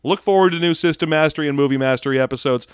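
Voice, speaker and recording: A male podcast host signs off the show in a loose, joking ramble. His voice sits a bit high and is recorded close and dry. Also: racing, smooth, no room sound. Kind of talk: casual podcast sign-off.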